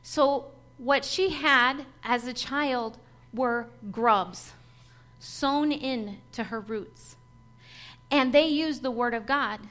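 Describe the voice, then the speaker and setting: A woman with a high voice delivers a personal testimony sermon to a church gathering. She speaks earnestly and with feeling, and light laughs break through her storytelling. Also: takes it slowly, fairly bright tone.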